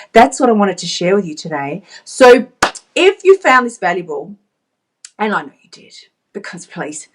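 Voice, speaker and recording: A woman vlogger and life coach giving a chatty, emphatic motivational pep talk to camera, laughing often. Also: a little high.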